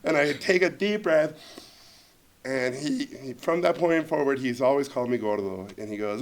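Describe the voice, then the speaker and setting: A man telling a comic anecdote at a student Q&A. His voice sits a little high and carries a gravelly rasp. He is animated, laughs along as he goes, and performs each quoted line. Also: moderate pace. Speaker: guest filmmaker at a student Q&A.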